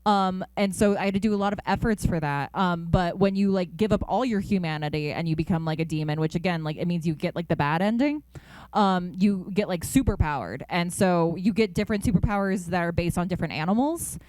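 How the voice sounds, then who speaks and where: Upbeat young woman, dry close mic, animated interview guest. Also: fairly low pitch, fairly quick, no echo. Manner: animated, upbeat, lots of fillers. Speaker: voice actor guest. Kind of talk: casual interview chat. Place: convention interview.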